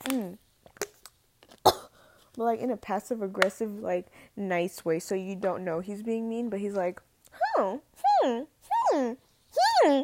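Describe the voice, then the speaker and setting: A woman's voice: mid-range voice, measured pace, pauses often, background noise. A teenage girl talking casually to the camera, slangy and full of "like", drawling and exasperated. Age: teens. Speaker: student vlogger.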